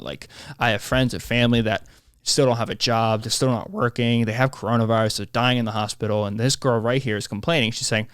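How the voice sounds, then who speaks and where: A man hosting his own podcast, talking in a rambling, animated monologue that keeps interrupting itself. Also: mid-range voice, fairly quick, clean tone, no echo, studio quality. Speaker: podcast host. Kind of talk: casual solo podcast monologue.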